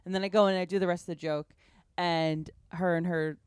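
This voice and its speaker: Podcast host lady, bit low voice, rambly animated storytelling, dry close recording. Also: fairly quick, clean tone, dry recording. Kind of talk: casual podcast conversation.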